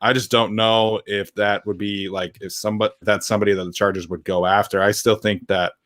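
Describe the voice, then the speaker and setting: A man co-hosting a live sports chat show, talking in a relaxed, rambling way with lots of fillers and restarts. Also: on the low side, a little fast, no room sound, studio quality. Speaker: podcast co-host.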